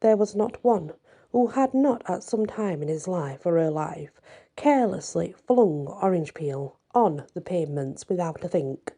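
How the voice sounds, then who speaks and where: Slow, dark-voiced woman storyteller. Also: fairly low pitch. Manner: measured, expressive storytelling. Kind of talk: reading a fairy tale aloud.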